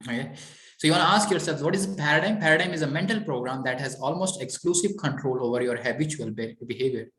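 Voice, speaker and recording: A man's voice: medium pitch, fast talker, fairly bright tone, roomy sound. A man coaching a client on mindset, talking in a repetitive, encouraging way with many "okay"s. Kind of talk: coaching session.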